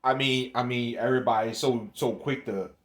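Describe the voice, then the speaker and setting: A man's voice: mid-range voice, steady tone, moderate pace, a bit bright. Rambling man ranting to camera. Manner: rambling, repeats and restarts phrases; scolding, swears, laughs between points. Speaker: religious video maker. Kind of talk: rambling religious rant to camera.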